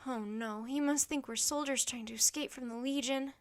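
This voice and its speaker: A woman's voice: sits high, fairly even intonation, moderate pace, close to an everyday voice. Woman reading as earnest young boy Jack.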